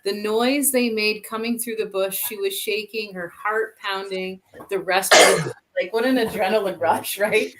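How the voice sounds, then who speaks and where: A woman co-hosts a live online chat, relaying viewer comments. She talks casually with plenty of fillers, at an ordinary middle pitch. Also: moderate pace, few pauses, over music. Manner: chatty, with many fillers and "like". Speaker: co-host reading viewer comments.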